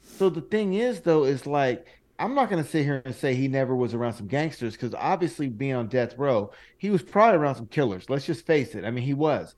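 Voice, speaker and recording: Lively, blunt, profane podcast man. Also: mid-range voice, a little fast. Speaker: podcast co-host. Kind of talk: casual chat.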